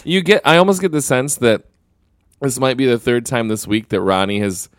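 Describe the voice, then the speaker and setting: A man's voice: medium pitch, moderate pace, no echo, studio quality. A man co-hosting a casual chat about a movie, playful and chiming in with jokes and asides. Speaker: podcast co-host.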